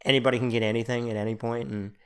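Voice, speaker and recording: Man, podcast host, casual chat, relaxed, chuckles along, mid-pitched voice. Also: rapid-fire, smooth.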